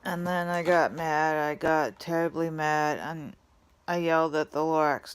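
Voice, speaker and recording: A woman reading a storybook aloud in first person, softly and ruefully. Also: low voice, fairly even intonation, measured pace, smooth. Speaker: reader. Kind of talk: storybook read-aloud narration.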